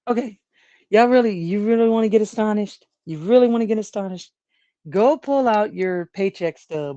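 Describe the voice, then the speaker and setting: A woman's voice: mid-range voice, warm tone, dry recording, lo-fi sound. A woman hosting a casual livestream, rambling about everyday topics, laughing often and chatting with viewers. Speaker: livestream host.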